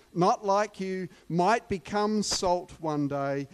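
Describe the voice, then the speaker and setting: A man's voice: fairly high pitch, slow pace, few pauses. A man preaching a sermon, emphatic and repeating key words for weight.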